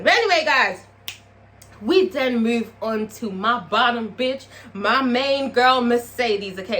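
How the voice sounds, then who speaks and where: Bright-voiced, animated woman recapping a show. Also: mid-range voice, a little hiss or hum. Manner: profane, animated, talks straight to viewers. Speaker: TV review vlogger. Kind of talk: casual TV episode recap.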